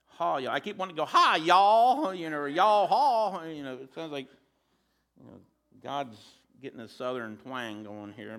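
A man's voice: medium pitch, vocal fry, a bit bright. A man preaching a sermon in a conversational way, with joking asides.

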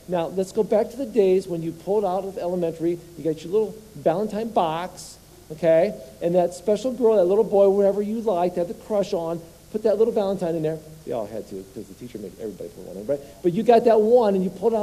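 In a church sanctuary with long hall reverb, a pastor preaches with a high, expressive voice that is mellow yet slightly rough, talking fast. He leads his congregation in call-and-response and fires rhetorical questions at the crowd.

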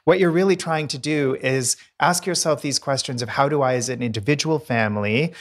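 A man co-hosting a podcast in casual chat, emphatic and enthusiastic, with quick dry quips. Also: mid-range voice. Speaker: podcast co-host, decorator.

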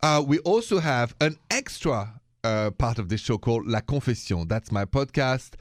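A man's voice: medium pitch, animated, normal speed, no room sound. A man with a French accent hosts a call-in radio show, playful and light, with French greetings in his talk. His voice sits mid-range. It is recorded close and dry in the studio. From France. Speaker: radio host.

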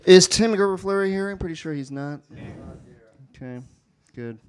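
A man's voice: high voice, animated, moderate pace, darkish tone. Chatty man hosting an open mic. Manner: casual, chatty, filler-heavy. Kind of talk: live event hosting.

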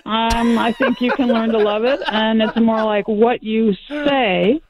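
A woman's voice: a little high, measured pace, crowd noise. A woman being interviewed by phone as an exercise expert, answering in a kind, earnest way. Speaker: phone guest, exercise physiologist. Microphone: phone line. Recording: dull phone line.

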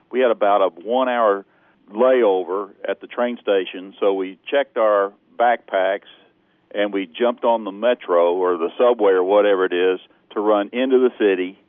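A man from Texas calling in to a radio show by phone, telling a story in a lively way and laughing often. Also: fairly low pitch, no room sound. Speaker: caller. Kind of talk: animated storytelling on a phone call. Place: phone call. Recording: tinny phone line.

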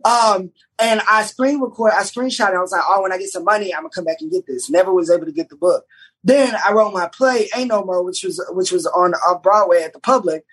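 A young man, a writer, chatting casually on a podcast and telling an animated story full of restarts. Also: sits high, a little fast, breathy edge, rough recording. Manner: animated storyteller, many restarts, does voices in quotes. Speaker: writer and showrunner guest.

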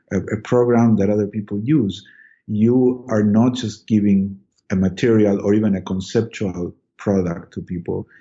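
A middle-aged man, a podcast guest, telling a personal story in casual talk, halting and repeating words with many ums. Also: fairly low pitch, warm tone, muffled recording.

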